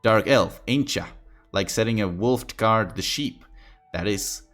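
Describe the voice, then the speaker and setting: A man with a low voice voicing a gruff one-armed old army sergeant in a put-on mock Scottish accent, with broad rustic speech. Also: unhurried, a bit bright, faint music behind. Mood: gruff, wary.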